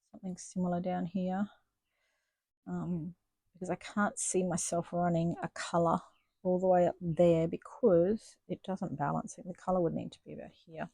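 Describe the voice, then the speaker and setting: A woman's voice: on the low side, gravelly, mellow, husky, no room sound. A woman chatting casually and thinking aloud as she stitches in her home craft studio, self-deprecating and chatty. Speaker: stitching vlogger. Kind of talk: casual chat while stitching.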